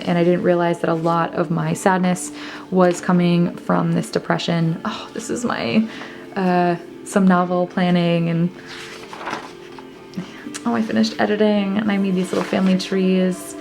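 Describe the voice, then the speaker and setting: A woman's voice: lowish voice, vocal fry, a little mellow. A young woman casually talking through her old journals, rambling and reading entries aloud between asides. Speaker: vlogger.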